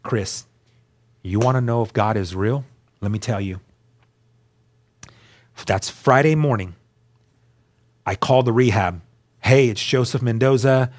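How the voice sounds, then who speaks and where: A man, a guest on the show, telling his personal testimony in an earnest, emphatic way, dropping to a hushed voice at key moments. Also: fairly low pitch, slow, long pauses.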